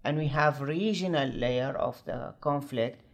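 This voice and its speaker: A male political commentator in a news discussion, earnest and halting as he searches for words. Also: medium pitch.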